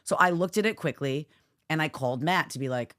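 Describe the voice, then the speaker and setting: A woman co-hosting a podcast, chatting casually and telling a story in an animated way, jumping high when she acts out other people. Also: brisk. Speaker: podcast co-host.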